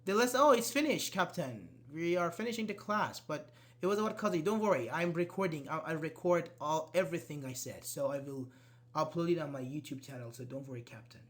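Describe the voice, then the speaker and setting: A man with a fairly high voice runs a casual online English lesson and answers questions from chat. He is not a native speaker, so his grammar is loose, and he repeats words as he looks for the next thought. He speaks straight to his students. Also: expressive, fairly quick, fairly bright tone. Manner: casual, talks directly to students. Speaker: English teacher.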